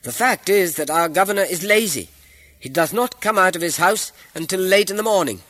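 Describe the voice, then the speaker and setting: A man doing a loud accusing young man. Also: sits high, brisk, voice pushed up. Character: bold young robust male complainer.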